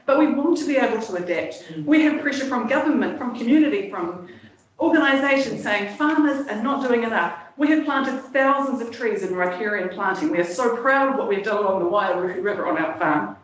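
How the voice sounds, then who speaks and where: A woman's voice: on the high side, lively intonation, a little fast, dull audio. New Zealand woman in her thirties, impassioned and tired, testifying off the cuff; distant and echoey hall sound. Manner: emotional, pleading, tired. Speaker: submitter at a council hearing. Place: large hall, indoors. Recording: echoey hall, speaker far from mic.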